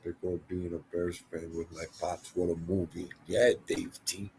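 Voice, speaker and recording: A man's voice: low-pitched, level tone, moderate pace, creaky, dark tone, a little hiss or hum. An older man hosting a casual livestream, rambling through stories and talking to viewers in the chat by name. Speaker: livestream host.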